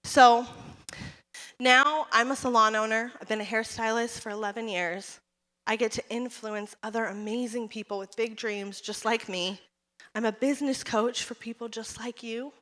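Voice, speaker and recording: A woman giving a motivational keynote speech at a conference, telling her story with animated energy and calling out to the audience. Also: a little high, normal speed. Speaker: keynote speaker and salon owner. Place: conference hall. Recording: reverberant hall.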